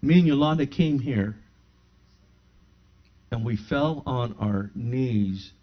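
Middle-aged pastor telling a testimony. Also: male voice, medium pitch, takes it slowly. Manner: animated storyteller who acts out both sides of a dialogue. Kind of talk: sermon with personal testimony. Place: his own home living room. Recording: slightly dull lo-fi sound.

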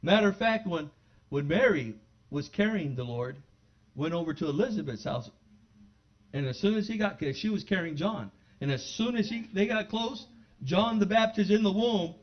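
A man preaching a sermon in a church, talking conversationally to his congregation and building to loud, fervent exclamations. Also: sits high, expressive, normal speed. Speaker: pastor. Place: church sanctuary. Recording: dull lo-fi sermon recording.

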